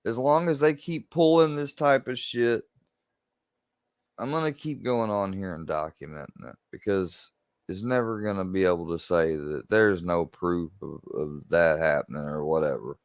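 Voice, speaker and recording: A man's voice: sits low, moderate pace, no room sound. A young man, a YouTuber ranting to his viewers, agitated and swearing as he repeats himself. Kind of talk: venting rant to camera.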